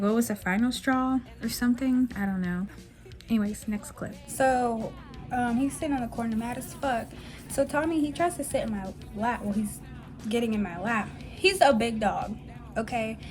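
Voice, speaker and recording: 20s woman ranting on her vlog, cussing a lot, kinda high voice, soft music behind. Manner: blunt, profane, ranting. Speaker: vlogger. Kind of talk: casual storytime vlog. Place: dim room at home.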